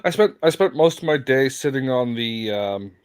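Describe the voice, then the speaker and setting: A man from Toronto chatting on a stream, telling a story slowly with many fillers. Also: mid-range voice, animated, smooth, no room sound, clean studio sound. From Toronto, Canada. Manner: laid-back storytelling with fillers. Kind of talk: casual group chat on a stream.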